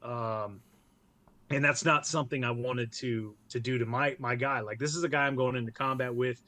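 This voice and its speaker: Blunt, profane veteran guest. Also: male voice, mid-range voice, fairly even intonation, normal speed, sharp tone. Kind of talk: casual podcast interview.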